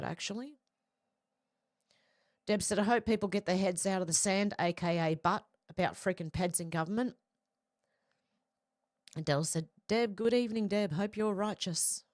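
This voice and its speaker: Australian woman, chatty streamer, lowish voice, dry sound. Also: no room sound. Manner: chatty, slangy, reads viewer comments in a run. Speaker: live stream host. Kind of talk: casual live stream, reading comments aloud.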